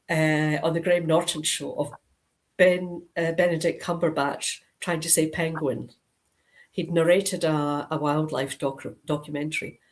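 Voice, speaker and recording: A woman's voice: sits low, rough recording. A middle-aged Scottish woman from Dundee, an author chatting on a video call, rambling with lots of ums and restarts. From Scotland (Dundee). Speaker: crime author, guest. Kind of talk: casual video-call interview.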